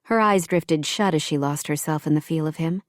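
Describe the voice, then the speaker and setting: A woman reading an audiobook romance in calm, even scripted narration. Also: deep voice, normal speed, dry recording, clean studio sound.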